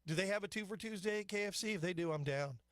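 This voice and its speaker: A man's voice: high voice, fast talker, no echo. A man hosting a talk radio show, delivering a rambling, opinionated monologue full of asides into a studio microphone.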